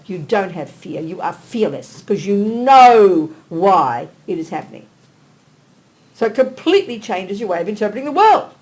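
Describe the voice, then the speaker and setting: An older woman delivers a dharma teaching in a blunt, emphatic manner. Her voice sits in a middle pitch. She drops to quiet asides and then rises into animated, forceful points. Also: poor audio. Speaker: Buddhist nun teacher. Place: teaching hall.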